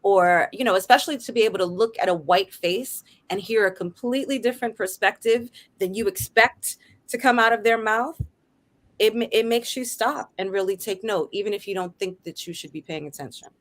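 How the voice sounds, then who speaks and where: A woman's voice: medium pitch, brisk. A middle-aged woman hosting a casual discussion. She talks earnestly and keeps checking in with "right?". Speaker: radio show host.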